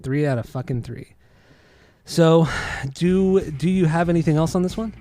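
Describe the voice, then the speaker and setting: A man's voice: a little high, moderate pace, warm tone. A man hosting a casual music podcast, rambling through restarts and swearing freely. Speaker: podcast host.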